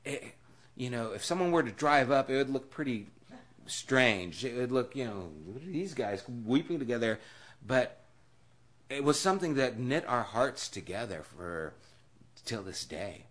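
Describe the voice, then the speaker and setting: A man giving a conversational sermon as a pastor. He talks like he is telling a story to friends. His voice sinks to a hush, then climbs loud and emphatic. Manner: storytelling, swinging from hushed and low to loud and emphatic. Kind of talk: conversational Bible-study sermon.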